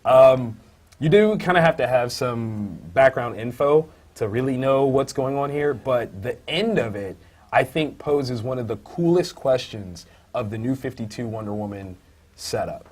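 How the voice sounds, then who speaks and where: A man with a middle-pitched voice chats casually as co-host of a comic book review podcast. He thinks aloud with many fillers and hesitations. When something excites or disgusts him, he breaks into loud, high-pitched outbursts. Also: unhurried. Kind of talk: casual chat.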